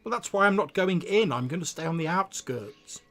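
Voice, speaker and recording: A man's voice: high voice, animated, a bit bright, soft background music, pitched above the performer's own voice. A man voicing a proud non-human woman scout who speaks bluntly and insistently. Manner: brisk, insistent, matter-of-fact.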